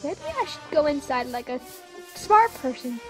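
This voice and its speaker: A woman's voice: sits high, big pitch swings, moderate pace, a bit bright, soft background music. A woman giving let's play commentary, jumpy and gasping, chattering to the creatures in her game. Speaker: gamer.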